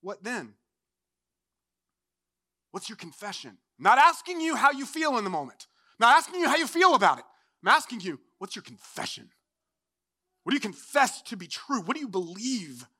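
A young adult man preaching a sermon as pastor, impassioned, swinging from loud declarations to hushed, low passages. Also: sing-song, normal speed, pauses often.

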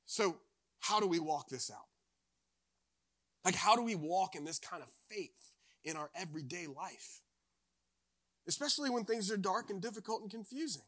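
A man delivering a sermon in a high, ringing voice. He preaches earnestly and then tells stories in a chatty, self-deprecating way, with plenty of casual fillers. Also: lively intonation, normal speed, long pauses, a bit bright, dry recording, studio quality. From eastern North Carolina. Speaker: pastor. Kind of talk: sermon with personal storytelling.

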